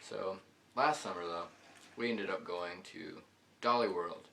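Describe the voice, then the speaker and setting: A man's voice: sits low, unhurried, creaky, bright, forceful tone, a little hiss or hum. A man telling a loose, rambling story while commenting on his gameplay. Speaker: gaming channel host.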